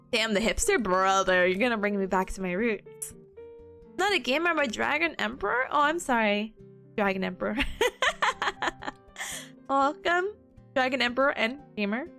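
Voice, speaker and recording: A woman's voice: a little high, a little slow, gravelly, long pauses, a bit bright, faint music behind. A woman in her twenties streaming a casual study session, chatting with viewers and reviewing notes, with a slightly sore voice and frequent giggles. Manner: giggly, bubbly, laughs often between lines; chatty, greets viewers, acts out patients. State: sore voice, occasional coughing.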